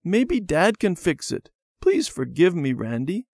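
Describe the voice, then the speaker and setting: A man's voice: big pitch swings, measured pace, darkish tone, no echo, clean studio sound. A man doing a pleading little girl. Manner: pleading, high childlike pitch. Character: little girl, eager and tearful. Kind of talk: storybook character voice.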